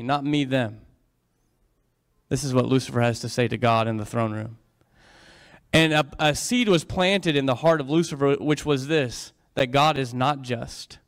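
A man's voice: mid-range voice, creaky. A man preaching a sermon, retelling scripture dramatically and questioning his congregation.

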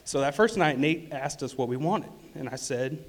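A man giving a personal testimony in church, earnest and halting, with fillers and restarts. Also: medium pitch, lively intonation.

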